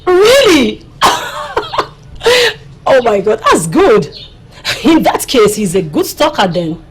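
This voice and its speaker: An actress with a Nigerian accent playing a teasing friend in a drama, husky voice. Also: female voice, sits high, wildly swooping pitch, takes it slowly, full character voice. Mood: playful. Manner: teasing, playful. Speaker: friend (Obioma). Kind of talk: Nollywood drama acting.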